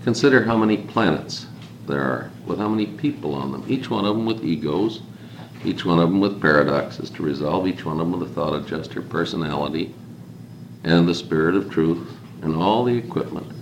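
A man with a very low voice leads an informal group talk, reflective and rambling, building his points through repetition. He is recorded in an echoey room with faint background hiss. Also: brisk, dull audio. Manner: reflective, rambling, repeats "consider" for emphasis.

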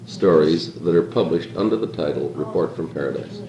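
Deep-voiced guy rambling thoughtfully to a group, keeps saying consider, echoey room w/ a little hiss. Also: a little fast, highs cut off, crowd noise. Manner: reflective, rambling, repeats "consider" for emphasis. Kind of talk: informal talk to a small group.

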